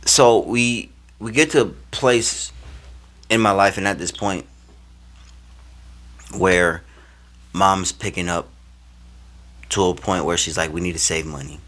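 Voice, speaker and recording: Low-voiced young man telling a story. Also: slow, pauses often. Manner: animated, slangy, swings between loud and hushed. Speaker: vlogger. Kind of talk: casual personal storytelling.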